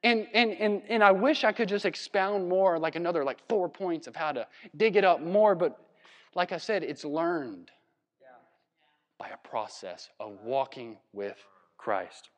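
A man from Virginia preaching a sermon in a conversational, animated way, with laughs and asides. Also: high-pitched, unhurried, long reverb tail. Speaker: pastor. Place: church hall.

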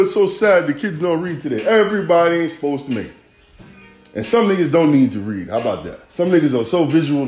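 A podcast host with a slightly high, darkish voice rants casually in profane, rambling, rhythmic street talk. The room is echoey, with faint music behind him.

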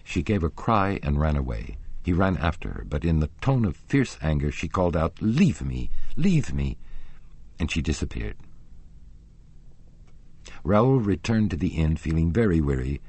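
Deep expressive male audiobook narrator. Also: slightly rough, no room sound. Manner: expressive, measured storytelling. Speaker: audiobook reader.

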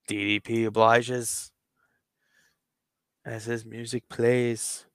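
A man's voice: mid-range voice, little pitch movement, slow pace, long pauses, a bit bright, smooth, no echo, clean studio sound. Casual male podcast narrator. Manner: casual play-by-play storytelling. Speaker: podcast host. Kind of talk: narrating a toy wrestling storyline.

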